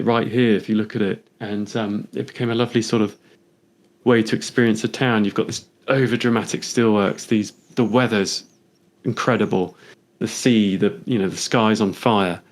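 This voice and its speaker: A man with a somewhat low voice speaks in a relaxed, conversational interview. He is a photographer who reflects on his pictures, wandering from thought to thought and thinking aloud.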